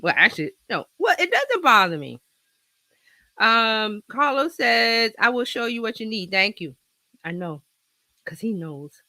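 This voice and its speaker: Speaking through a laptop with an external mic, this woman hosts a relaxed livestream from her home office, her fairly high voice animated yet measured in pace, pushed and bright with no room sound. She chats and rambles, laughing a lot, a slight cold catching in her throat.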